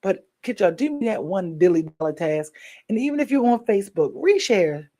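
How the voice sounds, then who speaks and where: Woman host, worn-out but chatty, warm sign-off talk, mid-pitched. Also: sing-song, moderate pace. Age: adult with a daughter. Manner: chatty, encouraging, loose slangy talk. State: tired. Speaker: livestream show host. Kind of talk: casual sign-off chat with viewers.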